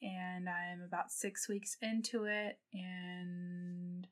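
A young adult woman co-hosting a casual podcast, speaking in a measured, candid way. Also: on the low side, flat delivery. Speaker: podcast co-host, nurse.

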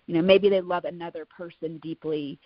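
A woman's voice: on the low side, fairly even intonation, brisk, no room sound, highs cut off. A woman in her thirties, a podcast guest, talking in a heartfelt, chatty way with many "you know"s. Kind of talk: casual interview chat.

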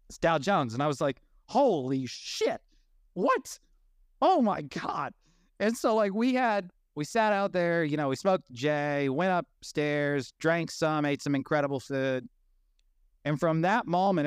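A man's voice: a little high, smooth, no echo, studio quality. A man in his thirties hosting a casual audio chat, telling stories animatedly and swearing freely. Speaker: host.

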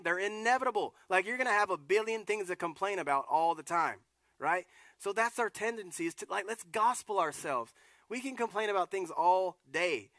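A man, a lead pastor, preaching a sermon in a casual, animated way with acted-out asides. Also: high voice, dry recording.

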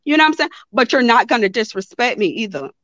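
A young woman, telling a story to a live audience in a blunt, animated way and swearing freely. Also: a little high, quick pace, no echo, muffled recording. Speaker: host of a live talk stream.

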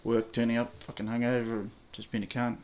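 A man's voice: little pitch movement, quick pace, a little mellow. A young man with a New Zealand accent telling a candid personal story in a blunt, slangy, heavily swearing way. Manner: blunt, heavy swearing, slangy, low-key. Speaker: interviewee.

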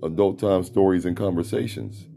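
A middle-aged man hosting a podcast with a deep voice, giving a blunt, profane, preachy motivational talk from a room at home. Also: fairly even intonation, moderate pace, creaky, mellow, soft background music. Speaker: podcast host. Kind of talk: motivational monologue.

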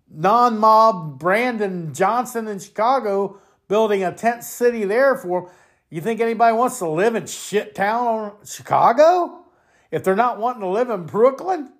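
A podcast host from the United States delivering a heated political rant, angry and profane, often repeating and restarting words as they get worked up. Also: mid-range voice.

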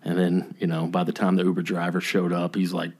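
A man's voice: low voice, fairly quick, husky. A middle-aged man, co-host of a podcast, telling a story in casual chat and acting out what people said. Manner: animated storyteller acting out quotes.

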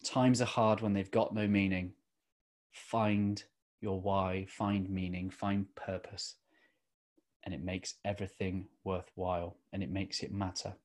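A middle-aged man giving an earnest motivational talk as a podcast host, slowing down to stress key phrases. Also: low voice, level tone, a little mellow.

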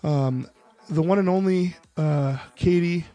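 Man, podcast host, a bit high-pitched, joking, swearing, casual banter, dry close sound. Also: slow pace, warm tone, no echo, faint music behind. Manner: joking, teasing, swears freely.

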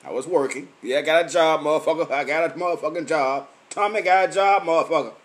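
Tipsy, foul-mouthed man. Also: quick pace. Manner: profane, loose and boisterous, swings from low mumbles to loud outbursts. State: tipsy from drinking. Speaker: podcast and Facebook live host. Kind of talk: rambling late-night live chat. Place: at home.

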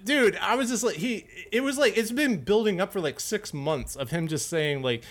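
A man's voice: high voice, normal speed, hardly any pauses. A young man in his twenties, cohosting a podcast, telling a story with lots of swearing and quoted voices. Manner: profane, animated storytelling. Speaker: podcast co-host. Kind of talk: casual podcast chat.

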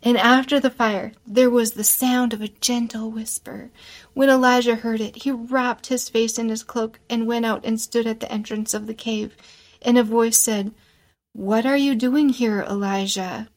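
A woman's voice: a little high, little pitch movement, normal speed, rough recording. A woman teaching a Bible lesson, reading verses aloud and explaining them in an earnest, simple way.

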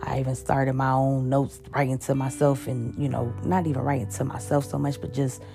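A woman with a very deep, gravelly voice talks in a personal confessional monologue. She is halting and openly emotional, stumbling over repeated words and fillers. Music plays clearly beneath her voice. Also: little pitch movement. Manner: heavy-hearted, openly emotional. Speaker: podcast host. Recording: music playing underneath.

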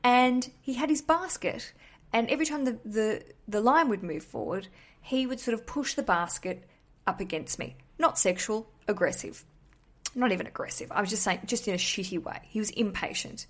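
A woman with an Australian accent hosts a podcast in a relaxed, storytelling monologue. She talks in a chatty, candid way and swears casually as she goes. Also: a little high, normal speed. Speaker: podcast host.

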